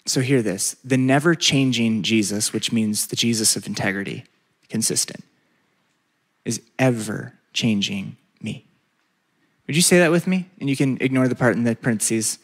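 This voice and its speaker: A man preaching a sermon, stretching out repeated words for emphasis and leading the congregation in call-and-response. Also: medium pitch. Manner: emphatic, drawn-out repetitions, leads call-and-response. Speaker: pastor.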